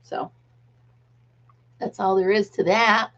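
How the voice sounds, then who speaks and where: A woman's voice: medium pitch, fairly even intonation, slow pace, fairly bright tone. Chatty woman host, lo-fi stream. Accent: American. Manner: chatty, reads viewer comments aloud, laughs often. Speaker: livestream host. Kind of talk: casual live chat. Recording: dull lo-fi livestream audio.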